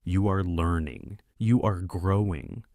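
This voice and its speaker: A man with a fairly low voice teaches beginner English at a very slow, careful pace. He speaks clearly and encouragingly, straight to the listener, and the recording is dry and close with no room sound. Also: a little mellow, no room sound. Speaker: podcast host and English teacher. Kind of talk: slow scripted lesson for beginner learners.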